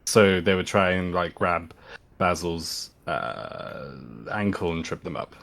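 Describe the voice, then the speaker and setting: A man's voice: sits low, takes it slowly, vocal fry, a bit bright. A man playing a tabletop role-playing game, thinking aloud hesitantly with many fillers. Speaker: player.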